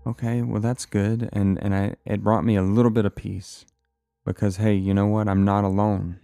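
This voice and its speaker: A man telling a personal story of a frightening vision, halting and repeating words as he goes. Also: fairly low pitch, dark tone, dry recording, studio quality.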